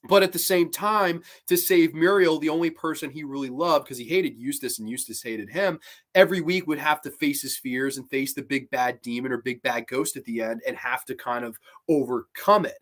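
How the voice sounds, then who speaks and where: A man hosting a live-streamed horror show, chatting casually, rambling, animated, and swearing freely. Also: mid-range voice, moderate pace.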